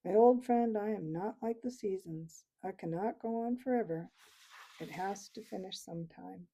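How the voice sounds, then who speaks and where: Old abbot mouse, wise and fatherly, slow tender delivery, read by a woman. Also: mid-range voice, warm tone, slight background noise, close to an everyday voice. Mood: gentle, fatherly.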